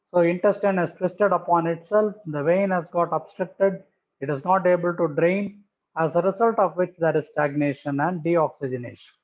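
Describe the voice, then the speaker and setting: A man giving a methodical pathology lecture over slides, repeating key terms for emphasis. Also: sits high. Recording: tinny phone-like audio.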